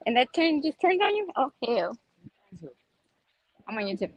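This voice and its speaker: A woman's voice: high-pitched, sing-song, moderate pace, pauses often, no echo, rough recording. A woman chatting casually on a phone live stream while walking outdoors by a pond, exclaiming and laughing often. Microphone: phone held while walking.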